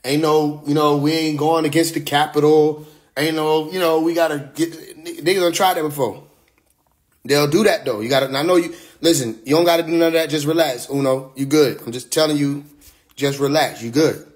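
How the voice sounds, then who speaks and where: Black guy on a phone live stream, voice a bit high, laid-back streetwise talk, cusses and laughs a lot. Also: fairly even intonation, moderate pace. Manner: loose, streetwise, profane, laughs often. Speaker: livestream host. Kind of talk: casual livestream monologue. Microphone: phone livestream.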